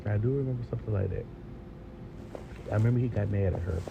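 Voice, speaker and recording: A man's voice: fairly low pitch, fast, vocal fry, phone-quality sound. A man giving a casual, rambling TV review, talking straight to his viewers. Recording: steady background noise.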